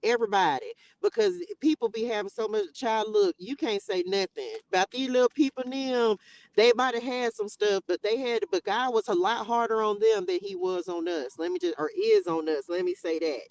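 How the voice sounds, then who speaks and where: A woman's voice: mid-range voice, normal speed, darkish tone, a little hiss or hum, low-quality recording. A woman hosting a casual Bible study livestream, talking emotionally and straight to her viewers. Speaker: livestream host.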